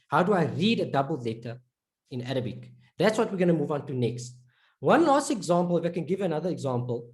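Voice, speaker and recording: Lively, patient woman teaching a lesson. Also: low voice. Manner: slowly drawn-out word demonstrations; patient, repeats and checks in with learners. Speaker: Arabic reading teacher. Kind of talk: online lesson.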